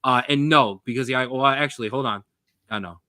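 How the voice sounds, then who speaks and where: A young man co-hosting a sports podcast, talking in a rambling, jokey, animated way. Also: mid-range voice, a little fast, dry recording, clean studio sound. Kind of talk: casual sports chat.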